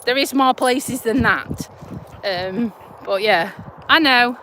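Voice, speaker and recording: Slow-talking woman with a Yorkshire-Lincolnshire accent. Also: a little high, pushed and bright, a little hiss or hum. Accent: Yorkshire-Lincolnshire English. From Lincolnshire, England. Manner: chatty, laughing, broad and blunt. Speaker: vlogger, nurse. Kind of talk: casual live chat while walking a dog. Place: outdoors on a country walk.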